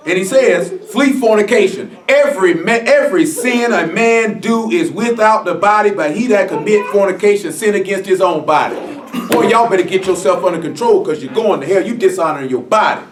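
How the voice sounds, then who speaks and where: A man joking and preaching to a group, loud and slangy, acting out quick voices. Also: high voice. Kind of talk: joking, preaching Bible study. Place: room with a group. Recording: echoey room, far mic, crowd. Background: people laughing.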